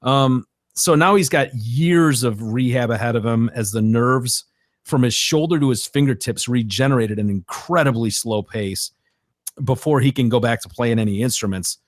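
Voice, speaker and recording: A man's voice: medium pitch, normal speed, no echo, studio quality. A man hosting a podcast, chatting casually and joking with a co-host, laughing often.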